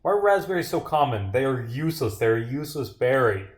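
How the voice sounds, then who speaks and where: A young man rambles through his game, swearing and sarcastic as he chats with his viewers. His voice sits at an everyday middle pitch. The room around him gives it a noticeable echo. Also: sing-song, quick pace. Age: young adult. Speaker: streamer. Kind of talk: casual livestream commentary while gaming.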